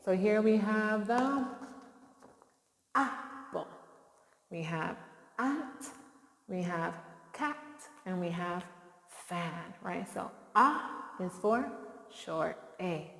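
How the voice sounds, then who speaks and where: A woman's voice: mid-range voice, lively intonation, very slow, long pauses, fairly bright tone. Encouraging woman teacher in a reverberant room. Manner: encouraging, call-and-response prompts. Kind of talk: phonics lesson for young children. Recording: roomy with long reverb.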